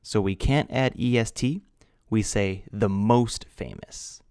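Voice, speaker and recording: Slow, deliberate male ESL teacher. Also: fairly low pitch, a little mellow, clear, resonant tone, no room sound, clean studio sound. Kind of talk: recorded grammar lesson.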